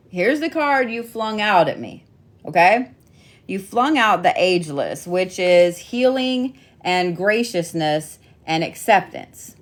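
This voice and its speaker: A middle-aged woman giving a casual weekly zodiac card reading, chatty and playful with frequent swearing. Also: medium pitch. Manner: chatty, profane, playful teasing. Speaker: tarot and zodiac reader.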